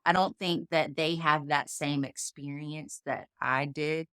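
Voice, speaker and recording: A woman's voice: low-pitched, measured pace, smooth, no room sound, clean studio sound. A woman, telling folksy family stories as a podcast guest and acting out the people she quotes. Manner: folksy, animated storytelling, acts out quoted voices. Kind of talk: storytelling interview.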